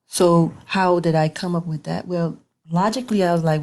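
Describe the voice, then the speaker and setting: A woman's voice: on the low side, steady tone, moderate pace, a little mellow. A woman giving an informal online sermon as a Bible teacher, conversational and repetitive, with colloquial grammar.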